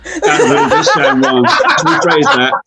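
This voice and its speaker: A man's voice: medium pitch, big pitch swings, unhurried, very noisy. A man, a voice actor in the cast, talking wryly and frankly in a casual panel chat. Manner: wry, frank, amused. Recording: dull lo-fi mic.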